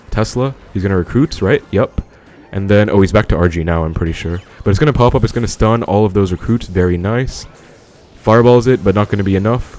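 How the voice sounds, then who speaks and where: A man's voice: low-pitched, a little mellow, a little hiss or hum. A man giving casual live commentary on his own game, thinking aloud and talking to viewers as he plays. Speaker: gaming commentator.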